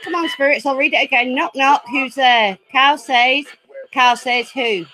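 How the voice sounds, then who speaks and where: A woman hosting her own paranormal channel from home, chatty and easily excited, laughing often as she talks to her viewers. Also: sits high, measured pace, low-quality recording. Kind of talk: casual live chat. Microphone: laptop.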